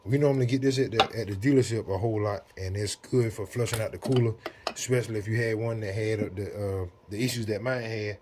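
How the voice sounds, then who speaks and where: A man's voice: lowish voice, fairly even intonation, fast talker, background noise. A man, talking viewers through a car repair step by step in a casual, easygoing way while working in a garage. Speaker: DIY mechanic. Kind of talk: casual how-to narration.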